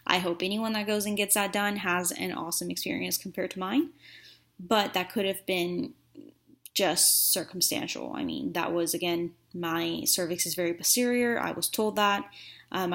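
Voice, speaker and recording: A woman's voice: lowish voice, normal speed, a bit bright. Chatty woman sharing a candid story. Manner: chatty, frank, with many fillers. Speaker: vlogger. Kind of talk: candid personal vlog storytelling.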